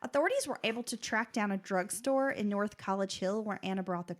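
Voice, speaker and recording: A woman co-hosts a true crime podcast, reading her script at a steady clip. Now and then she slips into a casual, conversational aside. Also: medium pitch, brisk. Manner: steady reading, breaks into chatty comments. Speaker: podcast co-host.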